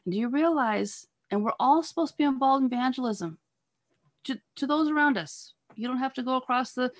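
A woman giving an earnest sermon over a video call, pressing her listeners with repeated rhetorical questions and halting now and then on fillers and restarts. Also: sits high, lively intonation. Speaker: speaker at a church talk on marriage.

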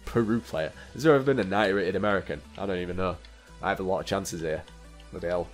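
Young man, lowish voice, chatty, joking, game commentary, faint music behind. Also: fast talker. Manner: chatty, joking, talks to the game players, laughs often. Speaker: gaming YouTuber. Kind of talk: casual gameplay commentary.

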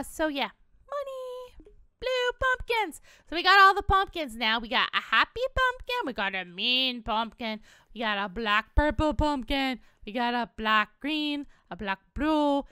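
A woman's voice: on the high side, sharp tone, smooth, no room sound, studio quality. A woman hosting a gaming video, giving chatty, playful let's-play commentary at a desktop mic and giggling often.

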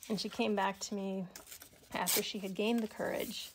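Female art teacher, middle-aged, gentle and slow, with whispered asides, faint hiss behind. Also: mid-range voice, flat delivery. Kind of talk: art tutorial narration. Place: home studio at a table.

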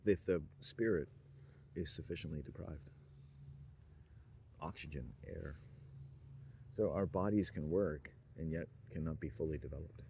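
A man's voice: extremely low pitch, measured pace, creaky, pauses often, mellow, slight background noise. A man in a rambling stream-of-consciousness monologue, meandering between ideas with frequent chuckles and trailing phrases.

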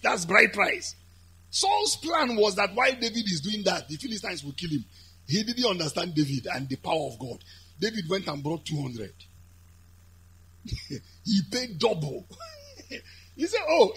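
Nigerian guy preaching, high lively voice, bright and raspy. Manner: animated, shouting and chanting at peaks. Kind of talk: sermon.

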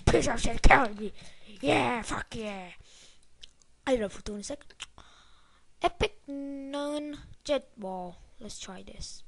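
Young female let's-player, high-pitched, slow drawl, excitable and foul-mouthed. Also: gravelly, no room sound. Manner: excitable, swears, talks to the game. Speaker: gameplay commentator. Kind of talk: casual let's-play commentary.

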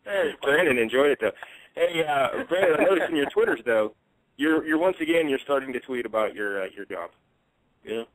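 Fast-talking man with dry teasing banter. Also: on the high side, expressive, dry recording, low-quality recording. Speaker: co-host. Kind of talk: casual comedic chat.

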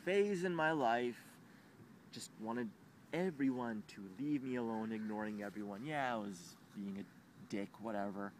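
A man's voice: fairly low pitch, measured pace, slight background noise. A young man venting to camera in an emotional personal rant, agitated and swearing, rambling with frequent restarts, recorded outdoors.

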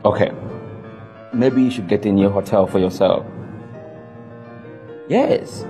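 Reassuring friend, low voice, soothing manner. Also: male voice, slow pace, dark tone, faint music behind. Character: calm male friend giving advice. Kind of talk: comedy skit acting.

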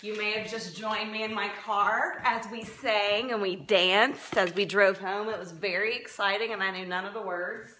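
A woman's voice: medium pitch, steady tone, normal speed, few pauses, pushed and bright, slight background noise. A woman blogger live-streaming herself baking in her home kitchen, chatting in a joking, rambling, self-mocking way. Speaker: lifestyle blogger. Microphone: phone camera. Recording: echoey kitchen on a phone.

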